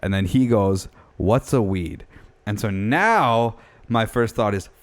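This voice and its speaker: A man's voice: lowish voice, takes it slowly. A young man casually telling a story on a podcast, acting out both sides of the talk and swearing freely. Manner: animated storyteller, swears a lot, acts out quotes. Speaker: podcast co-host.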